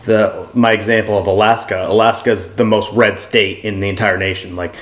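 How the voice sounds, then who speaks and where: A man's voice: fairly low pitch, level tone, moderate pace, roomy sound. A man in casual podcast talk, rambling and thinking aloud with many fillers.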